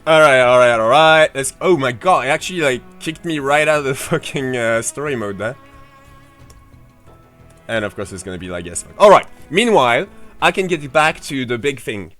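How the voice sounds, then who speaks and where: A man's voice: medium pitch, lively intonation, normal speed, a bit bright, faint music behind. A man streaming a game playthrough, chatting casually, rambling, swearing freely and answering his chat. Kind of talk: casual livestream commentary.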